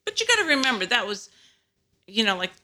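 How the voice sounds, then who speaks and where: Lively, bright-voiced woman co-host. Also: a little high, quick pace. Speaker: podcast co-host. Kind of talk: casual chat.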